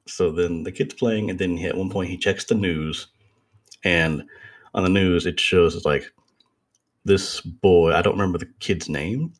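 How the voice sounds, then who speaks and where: A man casually retelling a story to friends in a relaxed, rambling way with lots of filler words. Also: low voice, measured pace.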